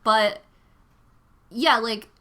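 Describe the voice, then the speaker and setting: Bright-voiced chatty young woman. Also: on the high side, drawn-out words. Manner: chatty, rambling, frequent "like" fillers. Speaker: livestreaming vlogger. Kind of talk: casual livestream chat while crafting.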